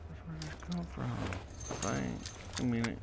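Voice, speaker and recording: A man's voice: medium pitch, expressive, unhurried, gravelly, background noise. A man giving rambling, casual commentary as he plays a game and talks to himself. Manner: rambling, self-talking, easily confused. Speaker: gameplay video creator. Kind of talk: casual let's play commentary.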